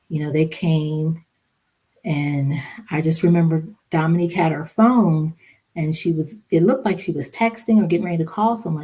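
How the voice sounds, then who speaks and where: Female interview guest with a low, mellow voice, telling a grave personal story haltingly. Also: breathy edge. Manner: halting, many "you know" fillers; somber, recounting a hard memory. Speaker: podcast guest, social worker and mother.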